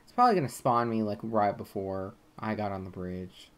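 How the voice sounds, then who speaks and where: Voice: low-pitched, fairly quick. A let's play gamer giving casual gameplay commentary, swearing often and muttering irritably at the game.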